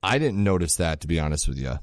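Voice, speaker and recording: A man's voice: low-pitched, sing-song, quick pace, no room sound, studio quality. A man co-hosting a podcast in casual chat, swearing a lot and getting worked up as he retells scenes. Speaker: podcast co-host.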